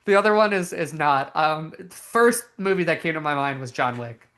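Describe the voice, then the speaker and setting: A young woman co-hosting a podcast, chatting casually in an animated, giggly way with lots of fillers. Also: deep voice, normal speed. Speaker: podcast co-host. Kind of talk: casual chat.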